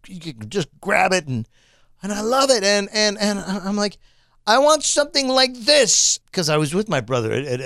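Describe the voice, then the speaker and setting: A man in an exasperated, swearing rant with lots of stammered restarts. His voice sits a bit high and swings widely up and down. The sound is dry and close, with no room behind it. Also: sing-song, fairly quick, gravelly, fairly bright tone, no room sound. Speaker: vlogger reviewing a phone. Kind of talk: casual ranting monologue.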